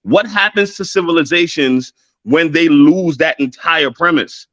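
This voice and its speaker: Man, mid pitch, forceful, preachy, swears, dry lo-fi sound. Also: measured pace, no room sound. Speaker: podcast co-host. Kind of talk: casual discussion podcast.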